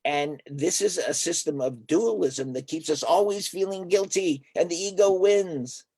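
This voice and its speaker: A man's voice: sits high, measured pace, slightly rough, no room sound. An older man, a therapist, telling stories in a conversational interview and acting out the dialogue of the people in them. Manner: animated storyteller who acts out quoted dialogue.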